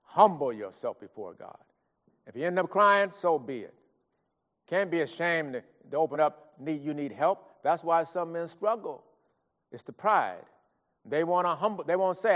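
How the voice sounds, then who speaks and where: A high-pitched man preaching with earnest, pleading fervor, dropping soft and then crying out loud. His voice hangs in a long hall reverb. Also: animated, moderate pace. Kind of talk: sermon.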